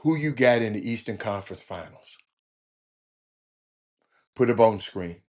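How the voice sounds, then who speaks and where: A man's voice: fairly low pitch, moderate pace. A man with a Houston accent hosting a casual sports talk stream, laughing often and talking straight to his chat. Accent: Houston, Texas. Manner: animated, laughing, talks to chat. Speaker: livestream host.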